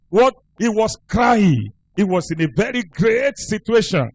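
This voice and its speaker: Male pastor, sermon, emphatic storytelling, high voice. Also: very animated, unhurried, poor audio.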